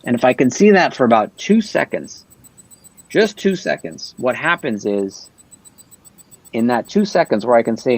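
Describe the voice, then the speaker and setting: A man's voice: mid-range voice, big pitch swings, normal speed, a little mellow, husky, no echo, poor audio. A man talking earnestly on a livestream panel, explaining his ideas and often checking in with "right?".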